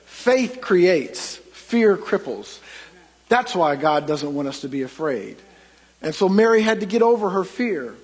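A middle-aged man preaching a sermon, telling stories and swinging from loud emphasis to hushed asides. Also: high voice, sing-song, a little slow, husky. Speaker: pastor. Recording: long hall reverb.

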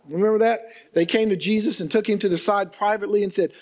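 A man's voice: high voice, a little fast. A man preaching a sermon as pastor, stretching key words and building to emphatic bursts.

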